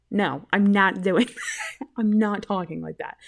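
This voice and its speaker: A woman hosting a casual solo podcast, rambling and giggly, often bursting with excitement. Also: mid-range voice, moderate pace, creaky. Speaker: podcast host.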